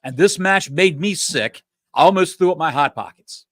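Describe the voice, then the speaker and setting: A man co-hosting a casual podcast, animated and rambling, swearing freely as he rants. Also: fairly high pitch, normal speed, no echo. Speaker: podcast co-host.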